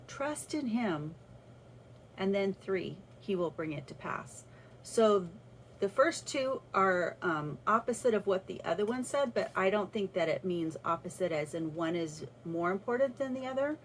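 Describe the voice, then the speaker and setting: A woman's voice: on the low side, slight background noise, low-quality recording. A woman talking through a personal faith reflection in a casual, earnest way, with restarts as she thinks aloud. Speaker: vlogger sharing a faith reflection.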